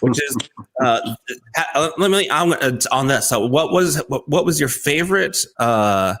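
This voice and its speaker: A man co-hosting a comedy chat show, telling a story in a rambling, animated way. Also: mid-range voice, a little slow. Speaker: co-host.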